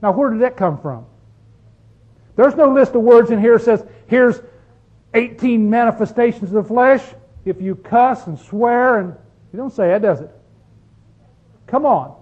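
A man's voice: very high-pitched, lively intonation, measured pace, long pauses, phone-quality sound. A man preaching a sermon, pressing his points with rhetorical questions and drawing out key phrases for stress. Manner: emphatic, rhetorical questions to the congregation.

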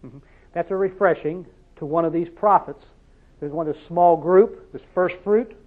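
Man, preacher, high voice, conversational sermon, keeps asking "see?", phone-like sound. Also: normal speed. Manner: drives points home with repeated "See?" questions; storytelling, conversational.

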